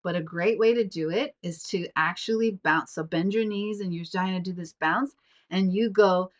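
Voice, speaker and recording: A woman's voice: lowish voice, steady tone, moderate pace. A young woman with a stuffy nose hosting a casual solo podcast at home, rambling and chatty with many fillers. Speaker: podcast host. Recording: dull lo-fi sound.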